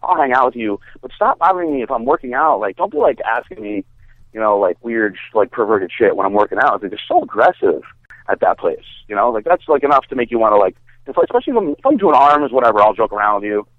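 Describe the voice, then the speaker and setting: A man's voice: medium pitch, big pitch swings, fast, no room sound. A man, a bodybuilder guest, telling a story in a casual, rambling way, full of fillers and swearing. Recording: dry, tinny phone-like sound.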